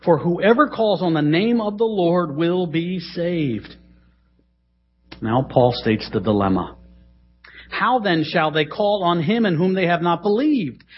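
A middle-aged man preaching a sermon in a church, dramatic, swinging between loud emphasis and hushed asides. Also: high-pitched, expressive, measured pace, husky. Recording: dull, lo-fi sermon recording.

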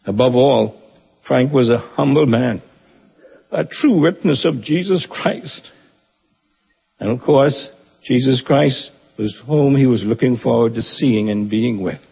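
A man giving a funeral eulogy at his church, earnest and reverent with touches of gentle humor. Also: mid-range voice, unhurried, creaky, breathy edge. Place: church assembly hall. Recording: dull, echoey church hall recording.

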